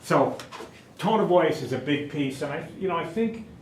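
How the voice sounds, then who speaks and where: A man giving a conversational lecture on crisis work, relaxed and anecdotal with frequent asides. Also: on the high side, moderate pace, slight background noise. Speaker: crisis intervention trainer. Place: training room. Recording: echoey room.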